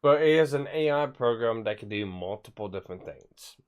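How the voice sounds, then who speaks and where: A man's voice: mid-range voice, expressive, a little fast, clean tone. A man streaming live, chatting casually and rambling with frequent stammered restarts and the odd swear. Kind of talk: casual livestream chat.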